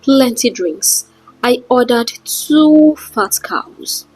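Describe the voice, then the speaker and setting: A woman's voice: mid-range voice, animated, unhurried, husky, soft background music, poor audio. A woman voicing a vain, jealous rich woman who snaps and boasts in a storybook tale. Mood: boastful. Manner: snappish, demanding, boastful.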